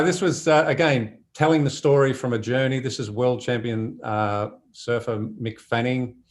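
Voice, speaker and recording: A man, a surf photographer telling stories from his trips in a relaxed, chatty way with frequent laughs. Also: medium pitch. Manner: relaxed and chatty, laughs often, many fillers. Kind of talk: casual conversational storytelling.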